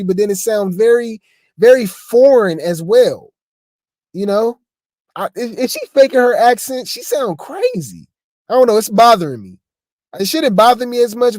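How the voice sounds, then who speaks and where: A man's voice: sits high, darkish tone, no echo, studio quality. A man giving casual reaction commentary on video clips, chatty and stammering, throwing asides to his viewers. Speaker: commentary host.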